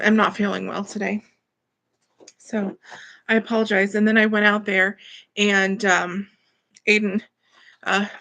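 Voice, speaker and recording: A woman's voice: mid-range voice, bright, forceful tone. A woman hosting a livestream from her bedroom, apologizing and greeting viewers by name. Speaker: livestream host. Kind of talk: casual livestream chat. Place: home bedroom, at a computer. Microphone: computer mic.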